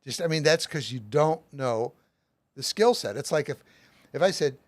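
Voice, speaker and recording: A man's voice: a little high, expressive, normal speed, dry recording. A middle-aged man as an author and guest, explaining his method with plenty of everyday examples. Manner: emphatic, uses lots of everyday examples.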